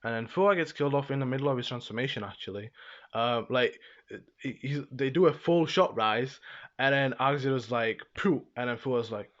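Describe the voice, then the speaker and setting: A man's voice: mid-range voice, normal speed, a bit bright. A young man casually recapping an episode in a rambling way, full of fillers and laughs. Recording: slightly dull lo-fi sound.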